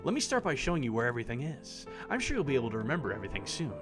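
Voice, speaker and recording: A refined older parakeet gentleman who runs a café, read out by a man. He speaks with formal, old-fashioned courtesy, as if from a storybook, in a lively voice that rises and falls. The man reading him is playing a dating sim. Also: medium pitch, very fast, music in the background. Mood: courteous. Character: elegant, dignified older male parakeet café owner.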